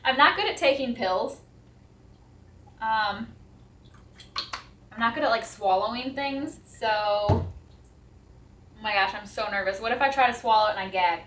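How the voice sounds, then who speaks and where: Young woman homestead vlogger, casual and jittery, a bit high, roomy kitchen sound. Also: unhurried, pauses often, background noise. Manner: chatty, nervous, with restarts and giggles. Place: home kitchen.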